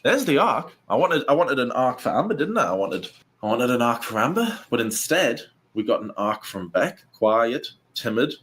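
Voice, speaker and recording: A man giving casual, opinionated commentary, rambling with quick asides and restarts. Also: mid-range voice, sing-song, a bit bright, husky. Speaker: co-host.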